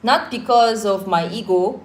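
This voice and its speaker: A Korean woman whose first language is Korean co-hosts a casual live chat stream from home during a power cut, with a roomy echo around her. Her mid-range voice is a little slow, and she's reflective and earnest, mixing in pidgin phrases.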